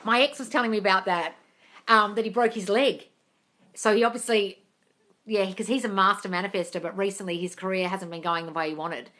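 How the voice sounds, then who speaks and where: Woman, live-stream host, bright and sharp, chatty, answers viewer comments and calls them darling. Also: mid-range voice, fairly even intonation, a little fast. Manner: reads comments aloud and answers directly. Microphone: phone.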